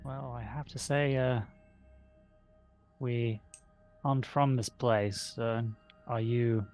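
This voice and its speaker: A man's voice: medium pitch, fairly even intonation, takes it slowly, darkish tone, faint music behind, natural voice. A man playing a hesitant young adventurer. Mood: polite, unsure. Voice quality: polite, hesitant, with many fillers. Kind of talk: tabletop role-play in character.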